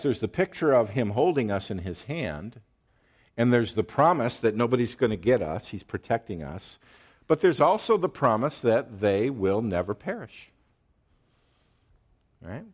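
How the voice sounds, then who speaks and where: Male pastor, mid-pitched voice, emphatic sermon delivery with pointed pauses. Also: a little mellow. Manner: emphatic, pauses to drive points, checks in with "okay?". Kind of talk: sermon teaching.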